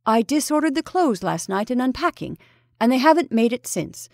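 Woman doing a prim fussy professor guy, bit defensive, voice a little higher than hers. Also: sing-song, moderate pace, gravelly, darkish tone, no room sound, studio quality. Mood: reasoning. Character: fussy fair-minded male professor.

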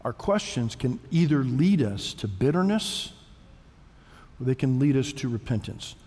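A man's voice: medium pitch, darkish tone, long reverb tail. A male pastor preaching a sermon in a church sanctuary, talking conversationally and repeating words as he thinks. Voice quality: self-described weak voice.

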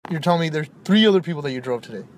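A man doing an exaggerated comic rant in a sketch, loud and repetitive. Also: a little high, expressive, very fast. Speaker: comedy sketch creator. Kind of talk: comedic sketch acting. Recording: music playing underneath.

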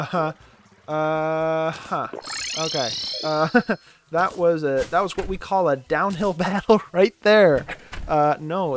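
A man's voice: a little high, slight background noise. A man giving casual let's-play commentary while gaming, rambling and self-mocking, laughing often and groaning dramatically when his character gets hurt. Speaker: gaming channel host.

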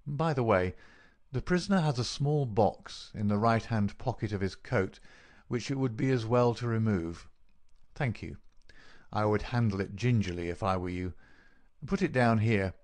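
A man voicing a clever, calm detective who explains his plans in a measured, dry way. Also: on the low side, natural voice. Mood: explaining.

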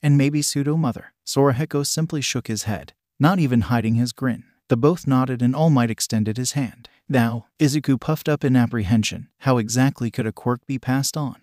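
A man narrating a fan fiction story in a flat, steady, synthetic-sounding reading. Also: mid-range voice, moderate pace, hardly any pauses, no room sound, studio quality.

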